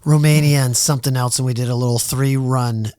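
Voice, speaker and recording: A man telling stories as a podcast guest in casual talk, animated and quick to act out other people's lines, swearing freely. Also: mid-range voice, clean tone, no echo, clean studio sound. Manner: animated storyteller who acts out quoted dialogue. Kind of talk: casual storytelling interview.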